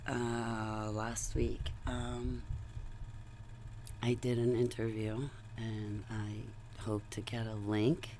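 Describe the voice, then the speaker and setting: A woman's voice: very deep voice, a little mellow, a little hiss or hum. A woman vlogging in a casual, rambling, digressive monologue, chatty and talking to her viewers. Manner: rambling, chatty, digressive, laughs between thoughts.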